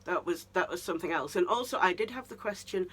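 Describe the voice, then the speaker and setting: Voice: mid-range voice, expressive, fast talker, a bit bright, breathy edge. A vlogger giving a casual review monologue of a TV season, ranting and incredulous, with many restarts.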